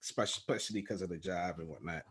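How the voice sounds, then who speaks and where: A middle-aged man from England, a guest chatting casually and trailing off softly at the ends of his thoughts. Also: sits low, rapid-fire, breathy edge. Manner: relaxed, self-deprecating, trails off softly. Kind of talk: casual conversation.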